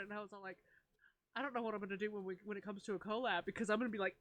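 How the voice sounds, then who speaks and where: A young woman co-hosting a casual podcast chat, giggly and animated, acting out her own reactions as she tells stories. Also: medium pitch, very fast. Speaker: podcast co-host.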